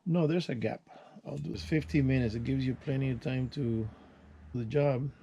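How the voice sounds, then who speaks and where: An older man, the channel's host, tells stories in a casual vlog while he works. His mellow voice rambles along at a moderate pace in a folksy way, full of restarts and sound words like "boom." There's slight background noise.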